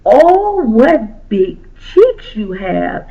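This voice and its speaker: A woman voicing a gentle, playful male fox-wolf who coaxes and teases a child. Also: on the high side, big pitch swings, extremely slow, dull audio, full character voice. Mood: coaxing. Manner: soft, coaxing, teasing.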